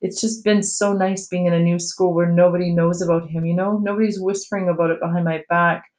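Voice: medium pitch, flat delivery, brisk, a little mellow, lightly acted. A reader voicing an upset, defensive teenage girl in a book read aloud.

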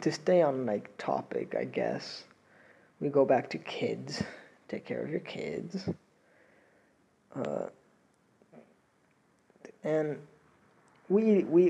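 A man's voice: mid-range voice, big pitch swings, slow, creaky, long pauses, dark tone, husky, highs cut off. A young man hosting a solo podcast with a slight Latin American accent, rambling, laughing and swearing while he paces around a room. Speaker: podcast host. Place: indoors, pacing around a room.

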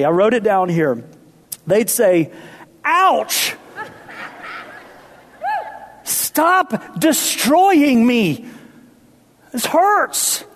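A pastor preaching a sermon, playful with the congregation at times and dropping to hushed, intense appeals. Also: male voice, very high-pitched.

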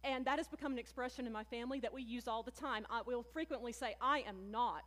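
A woman pastor preaches with a high, bright-pitched voice, talking to her congregation as friends and leaning hard on key words. Her voice rings out with a long echo, as if it fills a large sanctuary. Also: fast talker. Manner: conversational, addresses listeners as friends, animated emphasis. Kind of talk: sermon. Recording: long hall reverb.

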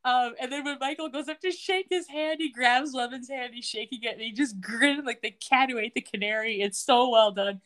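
Woman podcaster gushing over an episode, kinda high voice, laughs a lot, does little quotes. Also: moderate pace, few pauses, fairly bright tone. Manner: laughs often, retells scenes in quoted voices. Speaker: podcast co-host. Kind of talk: casual recap chat.

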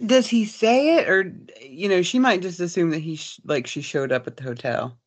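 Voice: medium pitch, animated, normal speed. A podcast co-host chatting casually, blunt and opinionated, with some swearing. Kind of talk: casual chat.

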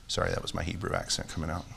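Man, pastor, sermon, deep voice, bright and forceful, emphatic repetition. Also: vocal fry. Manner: earnest, repetitive emphatic phrasing; prays with rising intensity. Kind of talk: sermon with closing prayer.

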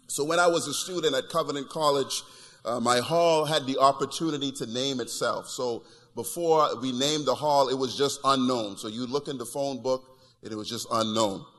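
Bright-voiced preacher in a reverberant hall. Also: male voice, medium pitch, normal speed. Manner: animated storytelling with repeated restarts. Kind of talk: sermon with personal stories.

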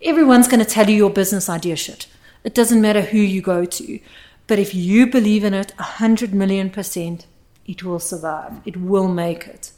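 A woman who works as a sound engineer, talking in a casual podcast chat, emphatic and animated, often laughing. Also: mid-range voice, normal speed.

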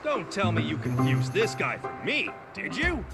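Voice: medium pitch, sing-song, normal speed, loud music behind the voice. Detective Pikachu, boastful. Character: Detective Pikachu, small male electric creature detective, boastful. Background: loud film score.

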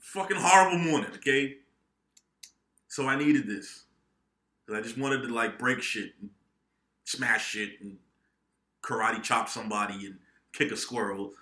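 Very bright-voiced man telling a profane story. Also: medium pitch, unhurried, pauses often. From New England, United States. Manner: profane, animated storytelling with acted-out outbursts. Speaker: podcast co-host. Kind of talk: casual storytelling among friends. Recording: echoey room.

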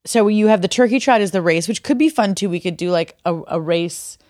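A podcast co-host chats casually, telling stories and laughing often. Her medium-pitched voice is a little fast and a little mellow, with clean studio sound and no echo.

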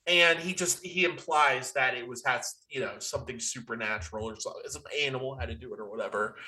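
A man's voice: on the high side, pushed and bright. A man in casual podcast chat, retelling a movie with exasperated swearing. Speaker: podcast co-host.

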